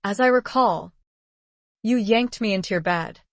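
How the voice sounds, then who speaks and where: A man's voice: high-pitched, unhurried, fairly bright tone, dry recording. A woman doing a roguish teasing husband. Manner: teasing, languid. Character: roguish, amorous noble husband.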